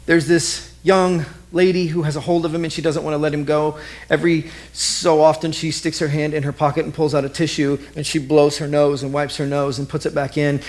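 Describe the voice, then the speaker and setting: A man's voice: a little high, darkish tone. Man telling a dramatic sermon story. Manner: vivid present-tense storytelling with repetition.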